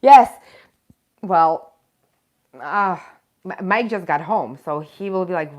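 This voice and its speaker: A woman's voice: on the low side, lively intonation, slow pace, lo-fi sound. A woman hosting a live stream, ranting with indignant emphasis and breaking into chatty, self-mocking asides to viewers. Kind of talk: impassioned live chat rant.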